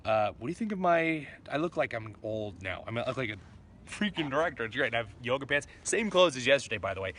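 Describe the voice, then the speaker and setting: A man from Florida rambles through a casual vlog monologue in a bright, forceful voice. He mocks himself, chuckles between thoughts and drifts from one idea to the next. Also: medium pitch, big pitch swings, fast. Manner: rambling, self-mocking, laughs between thoughts. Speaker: vlogger.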